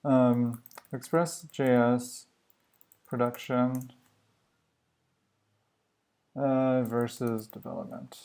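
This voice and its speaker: A man live coding on a stream, thinking aloud in a musing, halting way and questioning himself as he works. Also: medium pitch, creaky, a little mellow. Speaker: livestream coder.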